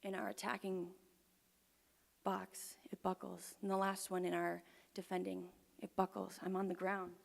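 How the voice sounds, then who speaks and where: A young woman telling a personal story live on stage to an audience, earnest and often dropping to a hushed near-whisper. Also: medium pitch, monotone, moderate pace, vocal fry. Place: performance venue with audience. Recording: long hall reverb.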